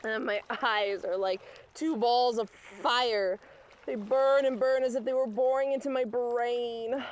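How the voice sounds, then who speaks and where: On an outdoor marina platform, a woman with a fairly high, steady voice plays a businesswoman who is shipwrecked, weak, and parched. Her lightly acted delivery is weary, slow, and mournful, with slight background noise.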